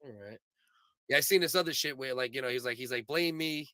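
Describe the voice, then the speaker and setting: A man's voice: medium pitch, fast, pushed and bright, dry recording. A man hosting a casual comedy podcast, talking in a rambling, profane, opinionated way. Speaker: podcast host.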